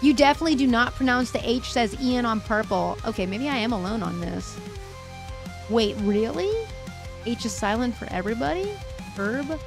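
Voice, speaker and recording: A young woman hosts a casual livestream and chats playfully with her viewers, reading their comments aloud as she thinks aloud. Her voice sits fairly high and she laughs often. Faint music plays softly behind her. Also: lively intonation, a little fast, gravelly.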